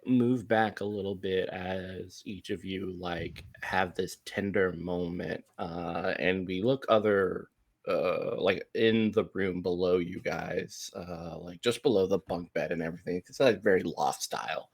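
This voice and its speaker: A man narrating as game master of a tabletop game, unhurried and rambling, with many ums and likes. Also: sits low, animated, vocal fry.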